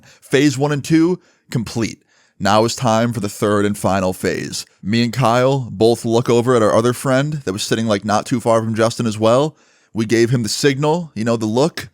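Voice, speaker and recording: A man tells a story in a loose, chatty way and swears now and then. His voice sits at an ordinary middle pitch. The recording is dry and close. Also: normal speed, no room sound. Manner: casual, chatty, swears freely. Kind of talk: casual storytime narration.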